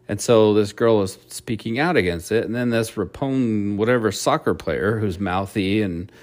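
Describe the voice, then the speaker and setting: A man's voice: on the low side, moderate pace. A man hosting a solo opinion podcast, ranting in a blunt, profane way. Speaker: podcast host.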